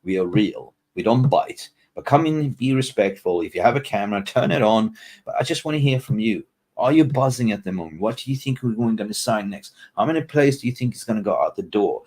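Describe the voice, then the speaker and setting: A man hosting a casual live fan stream, reading out chat names with animated, joking asides. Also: on the low side, fairly quick.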